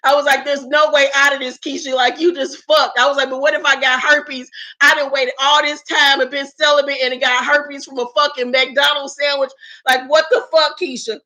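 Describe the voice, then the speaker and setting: High bright woman telling a storytime, keeps laughing, cusses a lot. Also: little pitch movement, moderate pace, poor audio. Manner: laughs often through the telling; profane and slangy. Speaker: vlogger. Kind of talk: casual storytime.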